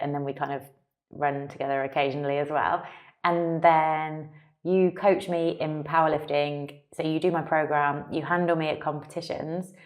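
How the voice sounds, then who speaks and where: A chatty woman in her thirties co-hosts a casual talk. Her voice sits low for a woman, and she often breaks off mid-thought or slips in a laugh. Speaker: podcast co-host. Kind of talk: casual chat.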